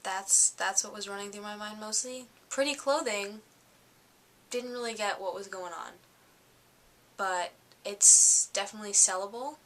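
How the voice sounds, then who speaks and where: A tired young woman recapping her week in a chatty, excitable vlog, full of fillers. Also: medium pitch, a little slow. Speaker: fashion vlogger.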